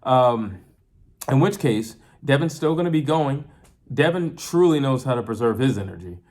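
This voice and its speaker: A man talking through an upcoming boxing match in a loose, unscripted way. He circles back, restarts phrases and leans on fillers. His voice sits at an ordinary middle pitch. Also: animated, normal speed, darkish tone. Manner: chatty, repeats and restarts often, uses filler like "you know". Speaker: boxing commentator. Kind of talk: casual fight breakdown.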